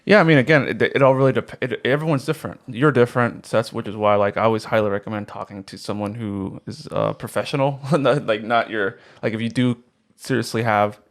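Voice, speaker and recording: A man's voice: mid-range voice, fairly even intonation, brisk. A young adult man co-hosting a podcast in casual chat, earnest and rambling with many restarts. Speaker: podcast co-host.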